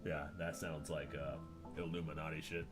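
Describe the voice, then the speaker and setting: Deep-voiced guy, laid-back, music behind. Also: flat delivery, normal speed. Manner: laid-back, swears and laughs a lot. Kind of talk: casual reaction chat.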